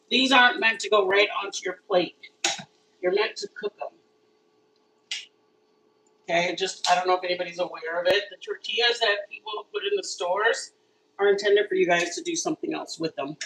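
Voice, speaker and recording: Woman, live cooking host, bright chatty delivery, a little off-mic with faint kitchen hum. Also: medium pitch, fairly quick, recorded from a distance, rough recording. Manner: chatty, animated, talks straight to viewers. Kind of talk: casual live cooking chat. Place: home kitchen.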